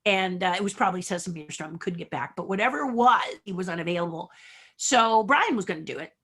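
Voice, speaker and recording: Brief: woman guest, crisp bright tone, animated anecdotes with acted-out bits. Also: on the low side, fast talker. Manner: animated, acts out quotes, laughs often. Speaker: guest puppeteer and designer. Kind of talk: casual storytelling interview.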